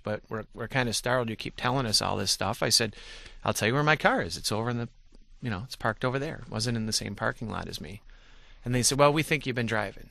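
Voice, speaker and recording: A man in his forties with a lowish, bright voice speaks candidly as a radio guest, restarting sentences and poking fun at himself. The sound is close and dry, with no room around it. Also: dry recording. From Michigan. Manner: candid, self-deprecating, many restarts. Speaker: radio guest, former state legislator. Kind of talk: radio interview storytelling.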